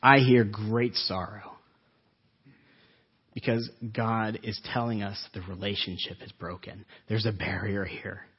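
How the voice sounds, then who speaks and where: Male pastor, husky voice, earnest sermon delivery with rhetorical questions, muffled low-fidelity sound. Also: fairly even intonation. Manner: earnest, asks rhetorical questions, slows for emphasis.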